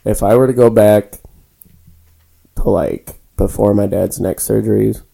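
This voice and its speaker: A man's voice: on the low side, fairly even intonation, a little slow, gravelly, dark tone. A man co-hosting a podcast from a spare room at home, teasing and sarcastic in casual chat, swearing freely. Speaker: podcast co-host.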